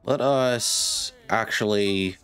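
A man's voice: lowish voice, drawn-out words, fairly bright tone, clear, resonant tone. A tired man hosting a let's-play, thinking aloud hesitantly with many fillers. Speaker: gaming channel host. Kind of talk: casual let's-play commentary.

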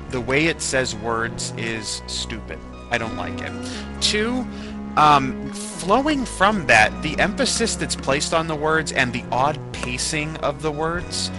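A man in his twenties giving casual, rambling gameplay commentary, grumbling at the game and joking at his own expense. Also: mid-range voice. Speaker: let's play host. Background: faint game music.

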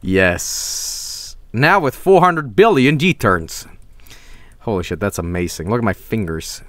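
A man's voice: mid-range voice, big pitch swings, normal speed, dry recording. A young man streaming, chatting casually and rambling, with lots of swearing and chuckles.

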